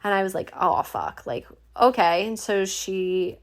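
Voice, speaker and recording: A woman's voice: mid-range voice, sing-song, a little slow. A young woman hosting a podcast, telling a story in a casual, chatty way, swearing freely and full of "like" fillers. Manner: chatty, swears freely, many "like" fillers, acts out quoted voices. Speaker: podcast host.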